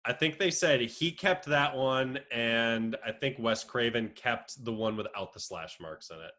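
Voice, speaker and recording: His voice is medium-pitched and unhurried: a young man co-hosting a podcast. Casual chat fills the clip, along with animated stories and frequent laughs.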